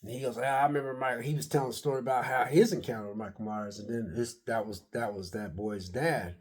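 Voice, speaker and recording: A man casually retelling a horror movie's scenes in a rambling, animated way, full of slang and quotes of what he said to himself while watching. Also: mid-range voice, fast talker, husky. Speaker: movie reviewer.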